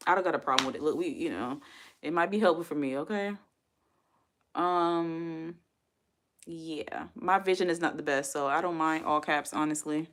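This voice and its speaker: A woman's voice: deep voice, a little fast. Chatty woman on a livestream. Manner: chatty, rambling, reads comments aloud. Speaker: livestream host. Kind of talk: casual live-stream chat.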